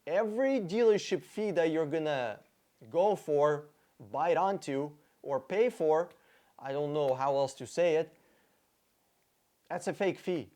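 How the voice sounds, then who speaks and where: A man's voice: fairly high pitch, a little slow, a little mellow. A man hosting a car-buying video, reacting to an interview clip with blunt, profane sarcasm and mock emotion.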